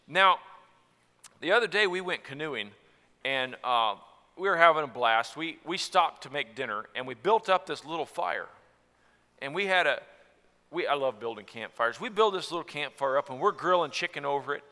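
A man preaches in an earnest style, dropping to a hush and then rising again. His voice is bright and sits a bit high. It rings with the long reverb of a big hall. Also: animated, normal speed. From Tennessee. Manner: earnest, swings from soft to loud. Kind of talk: sermon on marriage.

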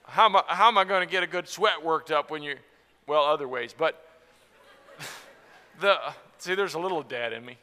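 A man preaches in an earnest style, dropping to a hush and then rising again. His voice is bright and sits a bit high. It rings with the long reverb of a big hall. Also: fast. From Tennessee. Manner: earnest, swings from soft to loud. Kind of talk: sermon on marriage.

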